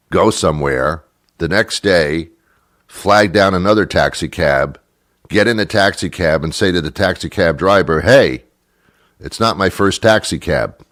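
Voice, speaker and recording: A man's voice: low voice, fairly bright tone, dry recording, studio quality. A man hosting a talk show, rambling through a comic monologue in a chatty, self-mocking way. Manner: chatty and self-mocking, slipping into silly put-on voices.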